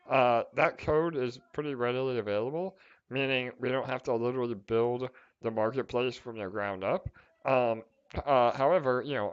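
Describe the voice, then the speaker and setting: A man's voice: mid-range voice, clean tone. Chatty man on a dull-sounding call. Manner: chatty, many fillers and restarts, reassuring. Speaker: project team host answering community questions. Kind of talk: casual livestream Q&A. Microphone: online call microphone with glitchy audio.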